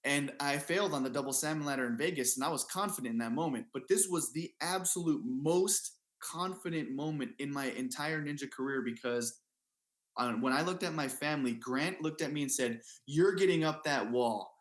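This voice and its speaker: A guest athlete with a slightly high, fairly bright male voice speaks briskly in an interview, the room giving a roomy echo. He tells a personal story earnestly and casually, repeating himself and restarting often amid lots of fillers.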